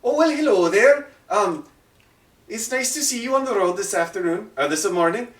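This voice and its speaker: A man's voice: sits high, lively intonation, normal speed, pitched above the performer's own voice. A man voicing a towering human rogue who talks his way out of trouble in a nervous, ingratiating way. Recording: roomy, mic far off.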